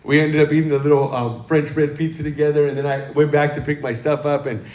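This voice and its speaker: A man's voice: fairly high pitch, little pitch movement, fast talker. A man preaching as pastor, telling casual stories to his congregation and often adding "amen.". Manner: chatty, warm storytelling with frequent "um" and "amen". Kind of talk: casual sermon talk to a congregation. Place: church sanctuary, livestreamed. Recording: roomy church sanctuary sound.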